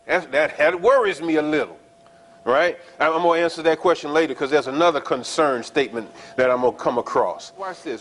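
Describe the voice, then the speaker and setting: A man preaching a sermon, explaining scripture in a conversational way, checking in with his listeners and slowing down to stress the verses. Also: a little high, expressive, a bit bright. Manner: explains scripture conversationally, often asking the congregation "right?"; reads verses slowly and stresses key words. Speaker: pastor.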